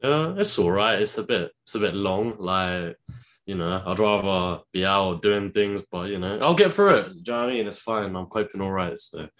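A man's voice: deep voice, animated, normal speed, fairly bright tone. A young man as an interview guest, laid-back and hesitant, with many fillers. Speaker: guest, social media creator. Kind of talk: casual interview chat.

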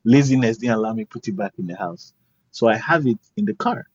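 A guest artist, male, tells a story casually at a fairly quick pace and a medium pitch, animatedly acting out the people in it and voicing their quotes. The recording is dull and lo-fi, with a little hiss or hum.

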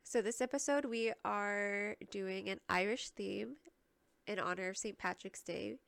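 A young woman co-hosting a podcast, excitable and quick to laugh. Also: mid-range voice, creaky. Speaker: podcast co-host. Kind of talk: casual chat.

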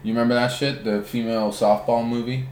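A man trading jokes in a relaxed podcast chat, tossing in quick asides. His voice sits at a middle pitch. The sound is roomy, with a clear echo around him. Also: slight background noise. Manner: joking banter, quick interjections. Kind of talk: casual chat.

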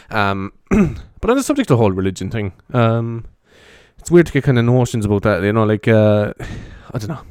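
An Irish podcaster rambles casually in a half-whispered ASMR style, carrying a handheld mic around his bedroom. He's meandering and chatty, swearing freely in a soft, hushed voice that's lowish and sing-song, fairly quick. The tone is clean, with clean studio sound and no room sound.

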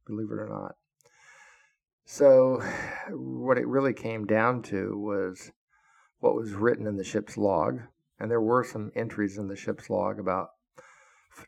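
Older man, low and gravelly, blunt profane storyteller. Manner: blunt and profane, with heated outbursts. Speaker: podcast host telling his story. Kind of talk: first-person storytelling.

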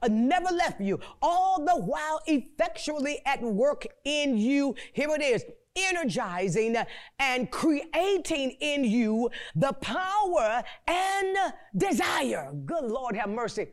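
A woman's voice: high voice, animated. A woman preacher delivering a fervent sermon, stretching out key words, repeating herself with stammered restarts and breaking into prayerful exclamations. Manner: fervent, repetitive, stammering restarts, call-and-response; slow drawn-out emphasis and prayerful exclamations.

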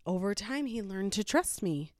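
A woman's voice: medium pitch, expressive, normal speed, no echo, clean studio sound, natural voice. A woman quoting a determined young stepmother from a folktale, in nearly her own voice. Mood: earnest. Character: determined young mother trying to win a boy.

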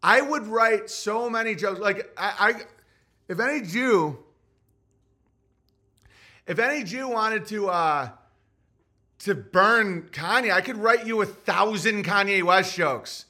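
Taking it slowly, with long pauses, a podcast host delivers a profane, provocative comic rant on his own show, loose and rambling. His high, bright, forceful voice has lively intonation, and he keeps doubling back mid-sentence while stacking up jokes.

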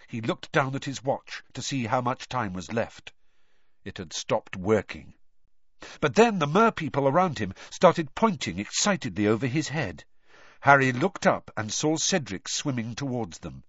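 A man reading a story aloud as narrator, measured and expressive. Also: medium pitch, no room sound, dull audio. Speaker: audiobook narrator. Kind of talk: scripted narration.

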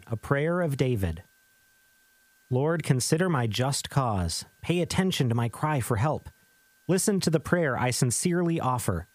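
A man giving a steady scripted Bible reading, measured and dropping low on the closing words of phrases. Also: no room sound. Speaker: scripture reader.

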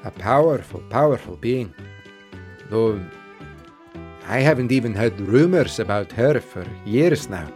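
Tough tavern owner woman, voiced by a man, put-on Scottish accent, gruff, wry, tabletop game, faint music behind. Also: lowish voice, expressive, unhurried, long pauses, a little mellow. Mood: wary.

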